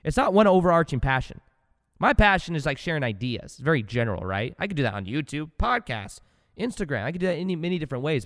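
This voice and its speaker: Speaking at a quick pace, a man hosts a spiritual self-help podcast with loose, animated motivational energy, slipping into low asides before jumping to loud bursts. His middle-pitched voice is smooth and resonant, and a long reverb trails his words.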